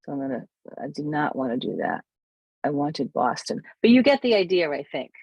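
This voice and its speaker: A camera club presenter giving a casual software walkthrough, thinking aloud and correcting themselves while demonstrating. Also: medium pitch, gravelly, breathy edge, no echo.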